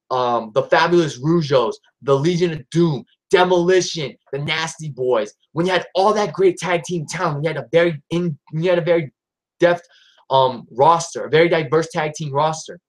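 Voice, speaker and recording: A man ranting in a vlog about wrestling booking, frustrated and exasperated, with frequent restarts and sudden jumps up in pitch when he gets riled. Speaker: wrestling YouTuber.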